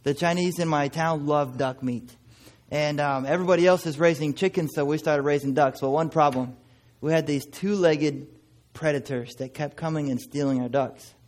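A man's voice: on the high side, steady tone, normal speed. A male missionary preacher telling a story in a sermon, folksy and conversational.

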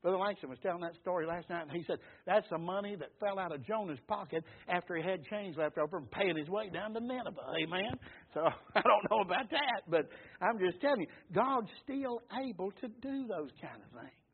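Preacher guy, husky high voice, fired up and folksy, tinny phone-like audio. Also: animated, fairly quick. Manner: fervent, rising to shouts, folksy storytelling. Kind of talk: sermon.

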